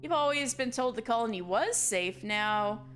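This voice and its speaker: A young woman streamer reading a story game aloud in a slow, theatrical way, breaking off for swearing asides. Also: on the high side, lively intonation, a bit bright, soft background music. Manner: reads dialogue slowly and dramatically, swears and laughs in asides. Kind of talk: reading a visual novel game aloud with commentary.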